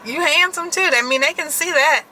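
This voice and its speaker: A woman talks casually, laughing and teasing her husband from a parked car. Her voice is very bright and sharp. A faint hum of noise sits behind her. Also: high-pitched, rough recording. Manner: laughing, teasing, quick to correct. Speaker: co-host, wife. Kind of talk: casual chat.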